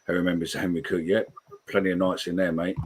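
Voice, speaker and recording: A man's voice: deep voice, flat delivery, quick pace, breathy edge. A man, hosting a live call-in podcast, swearing freely as he reads out comments. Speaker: podcast host.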